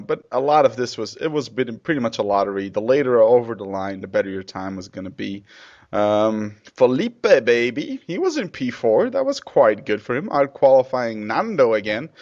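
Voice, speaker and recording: A man chatting as a podcast co-host, cracking jokes and laughing often, with the odd curse thrown in. His voice sits in an ordinary middle pitch. The sound is dull and lo-fi. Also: a little mellow. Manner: jokey, laughs often, swears casually. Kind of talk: casual chat.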